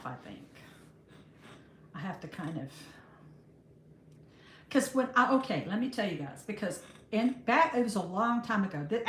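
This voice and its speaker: A woman, hosting a casual livestream, chatting warmly with viewers and calling them honey. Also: mid-range voice, slight background noise. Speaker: livestream host. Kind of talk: casual live chat greeting viewers. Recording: roomy echo.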